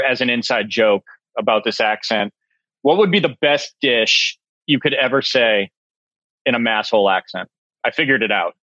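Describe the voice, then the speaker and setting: A man's voice: medium pitch, bright, forceful tone, dry recording, dull audio. Wry self-mocking chef in his forties. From Massachusetts. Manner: dry, self-mocking, laughs often. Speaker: chef, guest. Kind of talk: casual interview chat.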